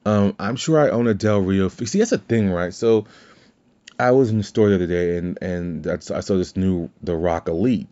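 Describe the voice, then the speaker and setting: A man's voice: deep voice, moderate pace, mellow. A man hosting a podcast in casual chat, rambling and cursing, with many restarts. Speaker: podcast host. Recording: slightly dull lo-fi sound.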